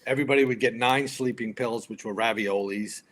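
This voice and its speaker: A man in his fifties with a medium-pitched voice talks a little fast over a faint hiss or hum. Formerly a firefighter and now an actor, he's a podcast guest telling casual stories and animatedly voicing other people's lines.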